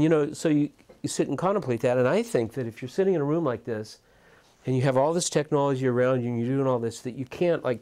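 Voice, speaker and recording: A man's voice: mid-range voice, darkish tone. Thoughtful man with frequent restarts. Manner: thoughtful, many restarts and repeated words. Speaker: music mixer interviewee. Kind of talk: reflective interview talk.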